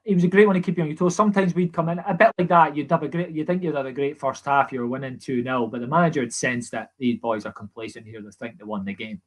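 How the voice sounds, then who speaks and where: This Scottish-accented man, an ex-footballer guesting on a relaxed podcast, tells stories earnestly and keeps restarting. He talks fast at a medium pitch, barely pausing.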